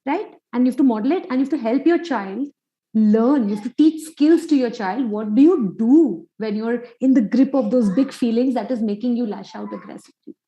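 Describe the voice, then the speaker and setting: A parenting coach explains over a video call, posing rhetorical questions as she goes. Her voice sits a little high and sounds warm and soft rather than bright. She talks in an easy, unscripted way with some fillers. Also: a little fast, lo-fi sound. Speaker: clinical psychologist and parenting coach. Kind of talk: webinar talk answering a question.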